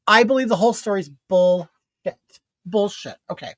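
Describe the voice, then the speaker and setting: A man's voice: high-pitched, lively intonation, normal speed, a bit bright, no echo. A man, a drag queen host, gossiping sarcastically while doing makeup and reading viewer comments. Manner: reads viewer comments aloud. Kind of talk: casual makeup chat.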